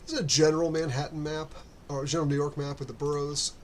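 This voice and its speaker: A man's voice: fairly high pitch, level tone, fast, a little hiss or hum. Man running a tabletop game. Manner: rambling with frequent fillers and restarts. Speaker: game master.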